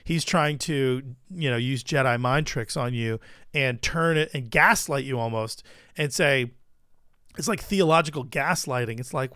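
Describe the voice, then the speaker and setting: A man hosting a casual commentary show, chatty and quick to laugh, often repeating words as he thinks. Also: mid-range voice, pushed and bright, smooth, no room sound, studio quality. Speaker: host of a Christian commentary show.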